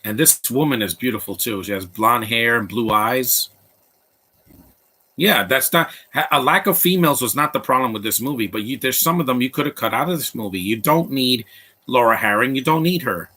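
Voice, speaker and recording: A man with a bright, forceful voice talks over a movie as it plays, tossing out blunt opinions and rambling asides. His pitch sits in an ordinary middle range for a man. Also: brisk. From Latino background. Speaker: movie commentator. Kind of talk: live movie commentary.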